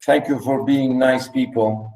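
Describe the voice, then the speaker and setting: A man giving a classroom poetry lecture, halting with many fillers and restarts, counting syllables and rhymes aloud. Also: mid-range voice, fairly even intonation, darkish tone, low-quality recording. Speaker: literature lecturer. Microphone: recorded lecture.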